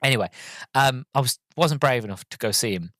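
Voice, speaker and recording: A male podcast host telling a fan story in a loose, rambling way, halting on ums and restarting his sentences. His pitch sits in the middle, and his voice is earnest and openly emotional, recorded dry with no room echo. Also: fairly bright tone. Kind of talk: casual storytelling review.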